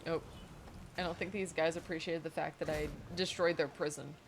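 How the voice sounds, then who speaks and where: Giggly woman streamer, chatty while gaming; slightly low voice, faint noise behind. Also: fairly even intonation, fairly quick. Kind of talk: casual chat while gaming.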